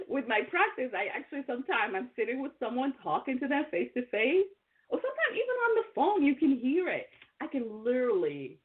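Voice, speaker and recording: A woman hosting a motivational talk show, speaking in a rambling way with many fillers and restarts. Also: mid-range voice. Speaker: podcast host and coach. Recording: tinny phone-like line.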